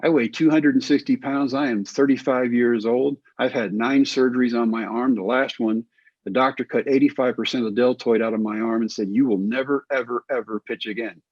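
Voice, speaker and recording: A middle-aged man, a former pitcher, telling his story in an interview and acting out the quoted lines. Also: steady tone, brisk, darkish tone, breathy edge, no room sound, dull audio. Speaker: guest, former pitcher and coach.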